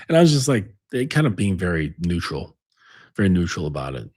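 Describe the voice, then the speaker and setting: A man's voice: deep voice, big pitch swings, a little fast, a little mellow, breathy edge. A man giving relationship advice in a casual monologue, rambling and blunt, swearing freely with lots of fillers. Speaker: relationship coach.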